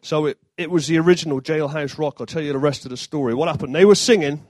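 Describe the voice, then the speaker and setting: A man's voice: fairly high pitch, quick pace, a little mellow, no room sound. Chatty, joking man preaching. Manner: jokey asides, chatty, self-deprecating. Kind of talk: informal sermon.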